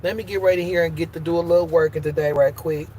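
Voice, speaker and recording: A woman's voice: fairly low pitch, fairly even intonation, fast talker, dark tone, slight background noise. Heated, profane woman live-streaming outdoors. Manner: emphatic and profane, swinging between heated and tender. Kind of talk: casual live-stream talk.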